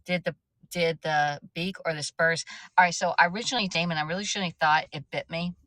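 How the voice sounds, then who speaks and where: A chatty woman talking casually on a livestream, her voice bright and forceful yet sitting a little low. She rambles and restarts often. The sound is close and dry, with no room around it. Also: steady tone, a little fast, no room sound, rough recording. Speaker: livestream host. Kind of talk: casual livestream chat, reading viewer comments.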